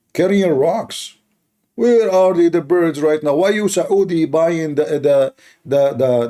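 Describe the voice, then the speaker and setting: A man hosting a heated live-stream debate, mocking and combative, speaking as a with halting restarts. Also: medium pitch, mellow. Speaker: livestream debate host.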